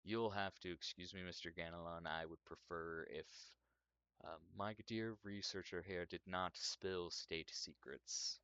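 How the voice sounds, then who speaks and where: A man voicing a tall, stern male Inquisition officer with a deep, gruff voice and a measured, formal manner. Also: steady tone, sharp tone, no room sound, dull audio, exaggerated voice. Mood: cold formal.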